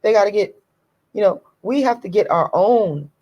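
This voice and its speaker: A woman's voice: mid-range voice, lively intonation, moderate pace, warm tone, dull audio. A woman hosting her own channel, speaking, repeating herself insistently. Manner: repetitive, insistent, emphatic. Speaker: channel host. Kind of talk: unscripted vlog rant.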